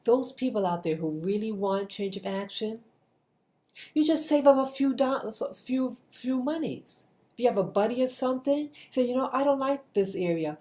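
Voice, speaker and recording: A woman's voice: on the high side, normal speed, warm tone. A middle-aged woman giving an earnest spoken message to camera, often restarting her sentences. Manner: earnest, repetitive, with frequent restarts. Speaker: video blogger giving a motivational message. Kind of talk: casual spoken monologue.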